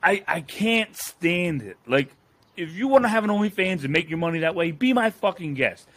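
A man's voice: on the high side, expressive, moderate pace, a bit bright. A young man co-hosting a podcast, ranting in a heated, profane way. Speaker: podcast co-host. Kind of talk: casual podcast rant.

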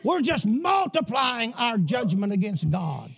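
A male preacher delivering a fiery sermon, often shouting and emphatic. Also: extremely high pitch, big pitch swings, unhurried, creaky.

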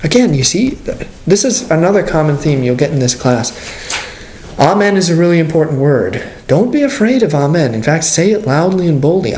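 A man, a pastor, teaching a class in an animated way and asking the class questions. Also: fairly high pitch, echoey room, a little hiss or hum. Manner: animated, plays out dialogues, asks the class questions.

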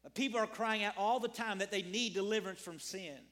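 A man's voice: high-pitched, brisk, fairly bright tone. A man preaching a sermon as a pastor, earnest, repeating phrases and asking his congregation questions.

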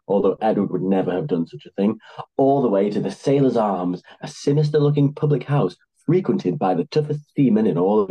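A man's voice: fairly low pitch, dark tone, breathy edge, low-quality recording. A man narrating a comic story with dry, wry asides.

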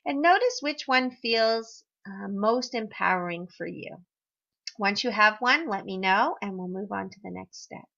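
A woman hosting a podcast, guiding listeners through an affirmation exercise in a gentle, encouraging way with a few fillers. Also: mid-range voice, expressive, a little slow, vocal fry, dull audio. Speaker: podcast host, wellness guide.

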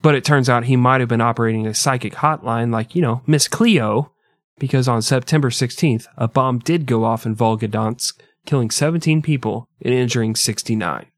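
A man's voice: medium pitch, a little fast, hardly any pauses, no echo. A man hosting a casual comedy podcast, reading history and joking. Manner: joking, swears freely. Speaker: podcast host.

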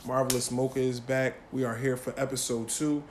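A man's voice: mid-range voice, little pitch movement, a little fast, reverberant, slight background noise. A man in his thirties hosting a casual podcast, joking and swearing loosely. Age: 30s. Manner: loose, profane, joking banter. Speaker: podcast host.

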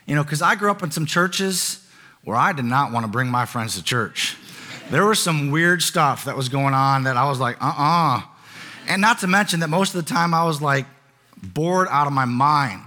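A man's voice: high-pitched, pushed and bright. A man preaching a sermon as pastor, conversational in tone and building to emphatic repeated lines.

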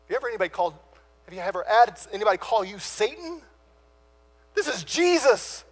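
A man preaching a sermon who puts rhetorical questions to his listeners and pauses dramatically on key words before rushing on. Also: high voice, very animated.

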